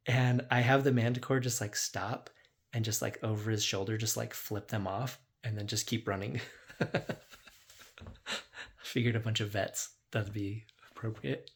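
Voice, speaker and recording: A man who runs a tabletop game as dungeon master casually recaps his sessions, rambling and saying "like" constantly while acting out quotes. His voice is mid-range and a little fast.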